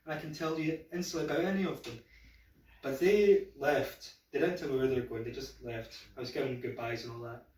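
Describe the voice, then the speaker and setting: A man's voice: medium pitch, brisk, darkish tone. A man doing stand-up in a pub, telling a story in a rambling, self-deprecating way full of "I was like". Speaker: stand-up comedian. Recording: echoey pub room, mic heard from a distance.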